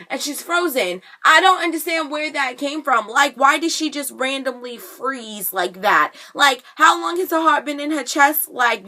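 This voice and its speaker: A young woman vlogger chats through a TV episode recap, sassy and animated, full of slang. Her voice sits fairly high, with a bright, forward tone. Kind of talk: casual chat.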